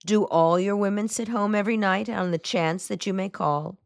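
A woman voicing a spirited young woman who teases with lively, mocking banter. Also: mid-range voice, normal speed, vocal fry, no echo, clean studio sound, pitched above the performer's own voice, natural voice. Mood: teasing.

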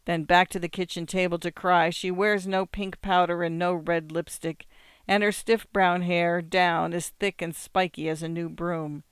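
A narrator reading a literary story in a measured, reflective way. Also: mid-range voice, level tone, fairly bright tone, clean tone, no echo, studio quality. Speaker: audiobook narrator.

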